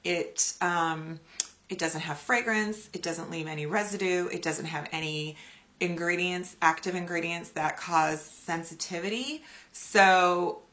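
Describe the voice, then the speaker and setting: A woman's voice: fairly low pitch, a little slow. A woman in her forties, a beauty vlogger talking casually and animatedly to her viewers. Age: 40s. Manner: chatty, animated, acts out quoted voices. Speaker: beauty YouTuber. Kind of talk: casual chatty vlog.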